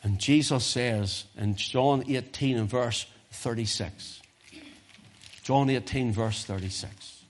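A man preaching a sermon, building to loud emphatic peaks and dropping to hushed, almost whispered lines, repeating phrases for effect. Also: mid-range voice, slow pace. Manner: dramatic swings from loud crescendo to hushed near-whisper.

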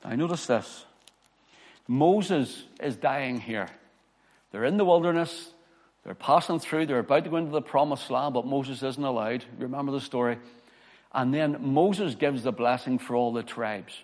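Man, pastor, sermon, emphatic scripture reading, mid pitch, long hall reverb. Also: normal speed, a little mellow. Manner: preaching with emphatic scripture reading and personal stories.

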